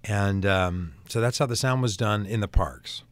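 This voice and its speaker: A man, an actor and interview guest, telling a lively story in casual talk with many restarts. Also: lowish voice, normal speed, dry recording.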